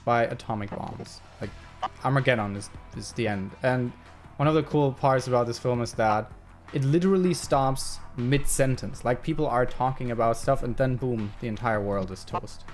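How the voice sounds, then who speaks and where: Brief: male live streamer, casual, thinks aloud with plenty of fillers, middle pitch. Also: normal speed, faint music behind. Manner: thinks aloud while working, rambling with many fillers. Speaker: video essayist live-streaming his editing.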